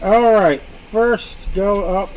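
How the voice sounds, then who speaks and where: A man acting as game master in a casual tabletop game, relaxed and often murmuring agreement. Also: high-pitched, drawn-out words, slight background noise, poor audio.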